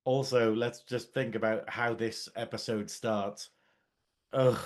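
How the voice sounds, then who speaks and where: A man's voice: mid-range voice, steady tone, slow. A man co-hosting a casual review show. He teases bluntly and laughs often. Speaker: podcast co-host.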